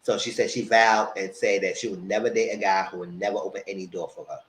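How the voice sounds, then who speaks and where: A man hosting a casual live TV recap, animated, jumping into loud high-pitched quotes of the characters. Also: quick pace, a little hiss or hum. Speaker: TV review host. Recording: roomy echo.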